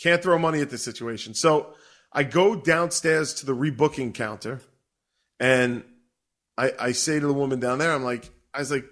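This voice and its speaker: A middle-aged man telling a story in a casual, profane and animated way, laughing as he goes. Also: medium pitch, normal speed. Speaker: podcast co-host.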